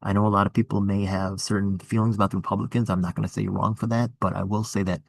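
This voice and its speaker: A man's voice: fairly low pitch, flat delivery, quick pace, vocal fry, few pauses, no room sound. A man running for office, talking through his campaign in a rambling, earnest way with many restarts. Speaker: political candidate. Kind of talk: casual political chat.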